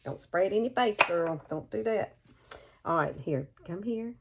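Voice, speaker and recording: Her voice is fairly low and gravelly with lively intonation, moving at a moderate pace, and the recording is very noisy. She's a Southern-accented beauty vlogger from Alabama in her 50s, folksily talking through a makeup tutorial and addressing the viewer as "girl."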